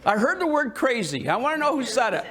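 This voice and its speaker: A man's voice: very high voice, fast. A man giving a history talk to a live audience in a museum, joking and quizzing the listeners as he goes. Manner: jokey and animated, quizzing the audience. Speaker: history presenter. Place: indoor museum hall with an audience.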